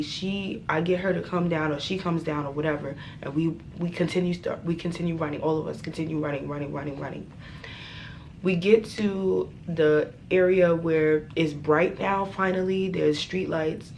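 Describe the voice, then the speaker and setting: A young woman vlogger telling a storytime tale in a dramatic, profane, animated way. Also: on the low side, a little hiss or hum. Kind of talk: storytime vlog.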